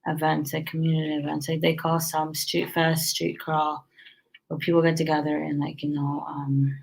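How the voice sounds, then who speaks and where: A woman's voice: sits low, monotone, normal speed, gravelly, slightly rough, rough recording. A tired woman chatting casually about running her restaurant, rambling with many fillers and restarts. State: tired, yawning. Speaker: restaurant owner giving business tips. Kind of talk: casual chat.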